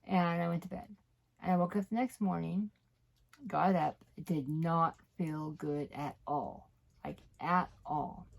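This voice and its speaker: A woman's voice: on the low side, creaky, a little mellow. A woman candidly telling her own story to camera, rambling and correcting herself, often dropping to a near whisper. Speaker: vlogger sharing her recovery story.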